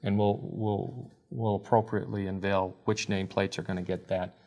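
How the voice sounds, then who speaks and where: A man appearing as a guest engineer on a talk show, answering questions in a measured, hesitant way with frequent fillers. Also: on the low side, little pitch movement, mellow. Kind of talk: studio interview answers.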